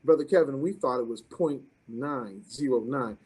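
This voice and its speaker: A man's voice: mid-range voice, normal speed, breathy edge. A man hosting an online business event, introducing the next speaker in a rhythmic, preacher-like style with repeated calls to the audience. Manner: preacherly, rhythmic repetition, rising to excited calls. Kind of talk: energetic motivational introduction.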